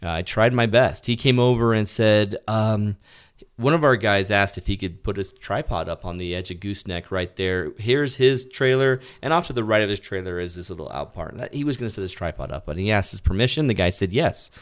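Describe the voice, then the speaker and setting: A man who runs photography workshops chats in a relaxed way. His voice is fairly low for a man. He retells conversations line by line. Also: fairly quick, clear, resonant tone. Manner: chatty, recounts dialogue. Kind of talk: casual conversation.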